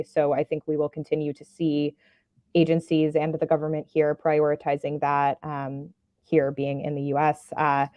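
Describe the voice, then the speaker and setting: A woman speaking as a guest on a webinar, in a measured, steady way. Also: deep voice, smooth, dry recording, muffled recording. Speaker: association representative, webinar guest. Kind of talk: casual webinar talk.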